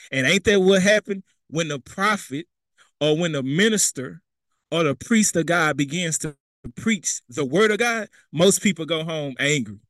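A man's voice: a little high, fairly bright tone, dry recording. A young man preaching a sermon, talking plainly and conversationally, slipping into casual street phrasing and acting out what people say. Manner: conversational preaching with vernacular asides and quoted voices.

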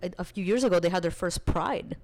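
A young woman with a slightly low voice tells a personal story in a loose, chatty way. She fills her sentences with casual fillers and keeps the telling animated. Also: fast talker, slight background noise. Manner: chatty, animated, full of filler likes, laughs while telling. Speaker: podcast guest.

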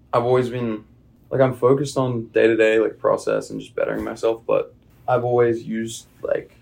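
A young man with an Australian accent chatting casually as a podcast guest, relaxed and rambling with plenty of fillers. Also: medium pitch, creaky. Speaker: guest, baseball player. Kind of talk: casual interview chat. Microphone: podcast microphone.

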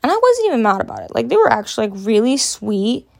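A woman's voice: on the high side, big pitch swings, quick pace, gravelly, darkish tone. Chatty young woman rambling casually. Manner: rambling, filler-heavy, frequent "like"; candid, swears casually. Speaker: podcast host. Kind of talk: casual storytelling.

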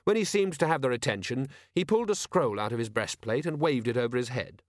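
A man narrating an audiobook in a measured, wry way. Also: mid-range voice, expressive, no echo, clean studio sound. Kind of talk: scripted narration.

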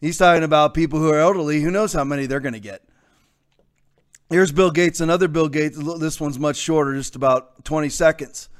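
Male host with a high-pitched voice, combative and sarcastic, prone to loud outbursts. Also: fairly quick, clear, resonant tone. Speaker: talk show host. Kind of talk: opinionated commentary monologue.

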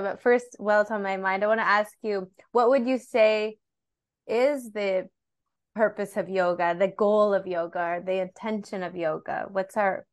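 A woman hosting an interview, asking thoughtful questions with frequent "like" fillers. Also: mid-range voice. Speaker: podcast host.

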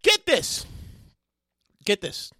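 A woman hosting a casual solo podcast, excitable and rambling as she tells a story, with loud exclamations and frequent laughter. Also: extremely slow, no room sound, studio quality. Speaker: podcast host.

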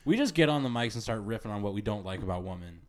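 A man's voice: fairly low pitch, lively intonation, fast, darkish tone. A young man co-hosting a comedy podcast, blunt and crude in banter. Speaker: podcast co-host.

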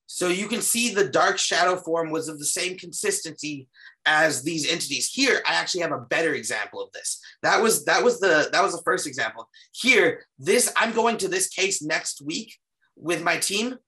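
Bright-voiced man presenting ghost footage. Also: on the high side, animated, normal speed. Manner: earnest, restarts often, walks through footage. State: slightly losing his voice. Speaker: paranormal investigator guest. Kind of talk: casual podcast presentation.

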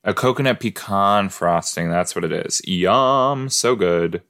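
A man's voice: deep voice, a little slow, a bit bright. A man hosting a casual watch-along podcast, chatty and full of exclamations, often trailing off mid-thought. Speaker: podcast host reacting to a sitcom.

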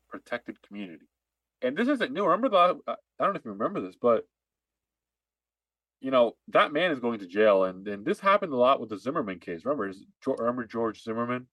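A man's voice: medium pitch, a bit bright, no echo, poor audio. Guy ranting hard on a podcast, keeps repeating himself, dry close sound. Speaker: podcast co-host. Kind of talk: heated political chat.

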